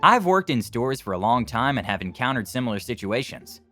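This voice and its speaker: A man's voice: medium pitch, sing-song, brisk, sharp tone, faint music behind. A man reading reader-submitted stories aloud as scripted narration.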